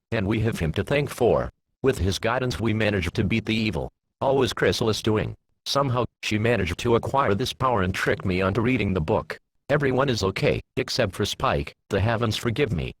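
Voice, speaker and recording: A man voicing Twilight Sparkle, an earnest young female unicorn scholar, in a fan fiction reading, in a husky voice. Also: lowish voice.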